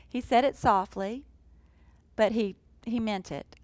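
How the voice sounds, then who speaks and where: Woman preacher, earnest and emphatic, slightly high voice, dry close sound. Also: smooth, no echo, rough recording. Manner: earnest, emphatic, slows for key phrases. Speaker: Bible teacher. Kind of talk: sermon.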